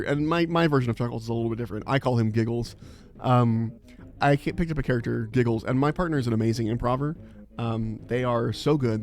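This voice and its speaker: A man's voice: medium pitch, a little mellow. Rambling, chatty man streaming live. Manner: rambling, chatty, lots of fillers and laughs. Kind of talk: casual live-stream chat.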